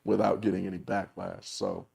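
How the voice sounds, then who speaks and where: A man's voice: sits low, very animated, moderate pace, creaky, a little mellow, slightly rough. A man co-hosting a casual talk show, teasing and joking with frequent laughs. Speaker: co-host. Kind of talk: casual chat.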